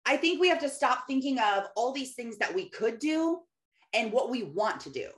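A woman in her thirties giving a casual, earnest faith-based encouragement talk, laughing often and quoting scripture. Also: high-pitched. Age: 30s.

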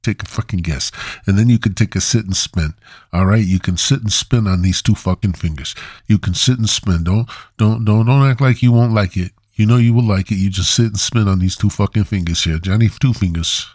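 A man's voice: on the low side, a little fast, darkish tone, breathy edge, no room sound, studio quality. A man voicing a crude, threatening male mobster type in a poorly done Italian accent, full of tough-guy bravado. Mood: menacing.

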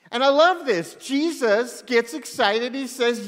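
A man preaching a sermon, animated, swinging between loud excitement and hushed intensity. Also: extremely high pitch, measured pace, few pauses. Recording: long hall reverb.

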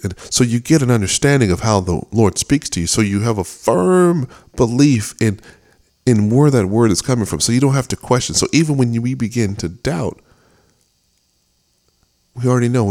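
A man's voice: mid-range voice, lively intonation, moderate pace, darkish tone. A middle-aged man hosting a devotional talk, earnest, often repeating and restarting words as he speaks. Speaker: podcast host.

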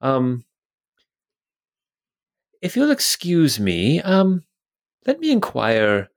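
A man's voice: a little high, huge pitch swings, drawn-out words, voice pushed up, exaggerated voice. A man voicing a male city guard who is polite and evasive, speaking hesitantly with many fillers.

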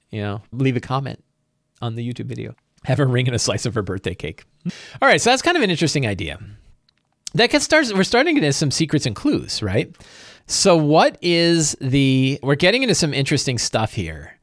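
A man's voice: mid-range voice, big pitch swings, normal speed, dry recording, clean studio sound. A man acting as game master, casually thinking aloud on a livestream, often checking in with "right?" and restarting his phrases. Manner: frequent restarts and repeated words.

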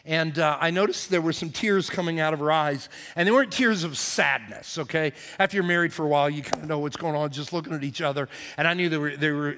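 A middle-aged man preaching a sermon, telling a story vividly and acting out the voices, sometimes dropping to a hush. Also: sits high. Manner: animated storyteller, acts out quotes, drops to hushed tones. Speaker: pastor. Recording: live in a reverberant church hall.

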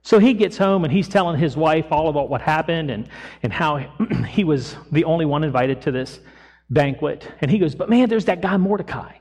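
A man preaching a sermon as pastor, retelling a Bible story in a lively storytelling way and voicing its people casually. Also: a little high, moderate pace. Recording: long echo of a church hall.

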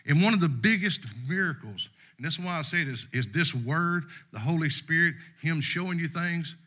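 A middle-aged man, here as guest preacher, addresses a congregation from the church sanctuary with a laid-back, folksy sermon. His slightly high voice is expressive and sharp, moving at normal speed, and his Southern US dialect keeps it conversational.

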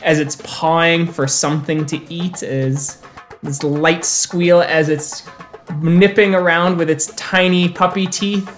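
A man's voice: fairly high pitch, steady tone, slow pace, soft background music. A man narrating as storyteller of a tabletop role-playing game, loose and casual with fillers.

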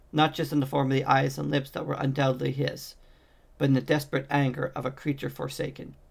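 A man's voice: mid-range voice, creaky. A man reading a fantasy novel aloud as an amateur audiobook narrator, stumbling and restarting on words now and then. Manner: reads with frequent slips and restarts. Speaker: audiobook reader.

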